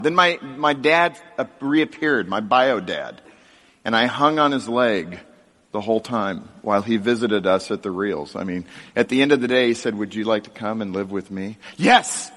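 A middle-aged man recounts his childhood to a live crowd, jumping between hushed asides and sudden high, excited bursts. His voice sits at an ordinary pitch, and a long hall reverb trails behind every word. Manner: animated, jokey storytelling with big pitch swings. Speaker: speaker telling his life story to an audience. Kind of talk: storytelling talk to a live audience. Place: large hall with an audience.

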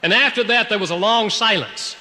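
A man preaching a sermon to a congregation, telling a personal story in an animated way, swinging between loud outbursts and hushed, quiet passages. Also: high voice, brisk, long reverb tail, slight background noise. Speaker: pastor.

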